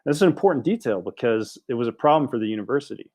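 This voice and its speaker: A man in his forties, a podcast guest telling a story in a casual, animated way with frequent restarts. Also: medium pitch, rapid-fire. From United States.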